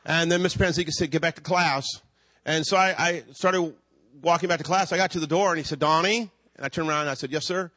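A man's voice: on the high side, steady tone, fast talker, pushed and bright, dry recording. A man in his fifties preaching a sermon, telling a personal story before building to emphatic preaching. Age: 50s. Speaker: pastor.

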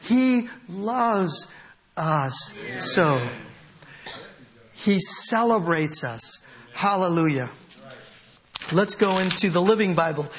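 A man preaching a sermon as pastor, animated and often laughing as he reads scripture aloud. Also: high-pitched, slow pace, long pauses.

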